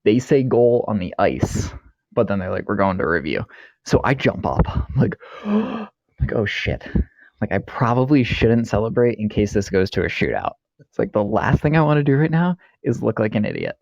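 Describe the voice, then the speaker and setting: A man's voice: fairly low pitch, big pitch swings, a little fast, gravelly, darkish tone, no room sound. A man telling a blunt, profane story in casual chat and laughing easily. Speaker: podcast co-host. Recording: dull lo-fi dry mic.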